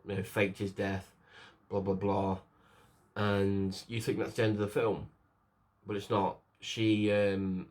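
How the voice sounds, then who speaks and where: A man talks through a film he just watched in a loose, casual review. His voice sits a little low. He rambles with plenty of fillers and restarts, and he acts out the characters' lines as he retells the story. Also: a little mellow.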